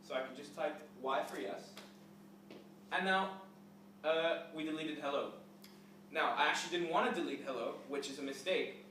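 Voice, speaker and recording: A man's voice: fairly high pitch, normal speed, pauses often, sharp tone, slight background noise. A young man giving a casual classroom lecture with a live coding demo, explaining step by step with fillers. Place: lecture hall. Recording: echoey hall, mic at a distance.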